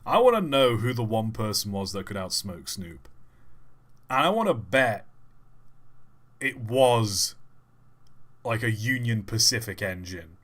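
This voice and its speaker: A man's voice: lowish voice, sing-song, a little slow, long pauses, fairly bright tone. A man hosting a live stream, chatting casually and thinking aloud as he reacts to memes. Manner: rambling, thinking aloud with fillers. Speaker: livestream host. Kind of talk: casual livestream commentary.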